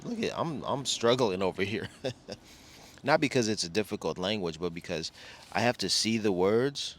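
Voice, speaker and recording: A man's voice: on the low side, animated, moderate pace, slight background noise. A middle-aged man from Los Angeles rambling casually as a travel vlogger, often restarting and correcting himself. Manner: rambling, self-correcting, chatty.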